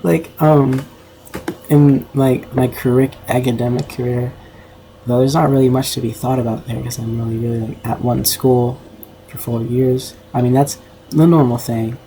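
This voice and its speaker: A man's voice: medium pitch, fairly even intonation, moderate pace, mellow, slight background noise, rough recording. A young man streaming casually, rambling and self-conscious with lots of filler words. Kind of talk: casual livestream commentary.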